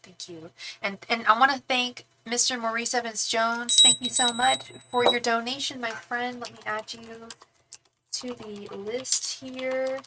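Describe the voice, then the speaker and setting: A young woman reading tarot on a livestream, chatting casually with viewers, thanking donors and softly repeating questions to her spirit guides. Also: a little high, steady tone, unhurried, very noisy.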